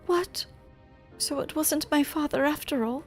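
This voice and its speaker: A woman's voice: high-pitched, measured pace, soft background music, pitched above the performer's own voice. A woman voicing a young boy in a fan voiceover of a game, searching for his lost father. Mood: earnest.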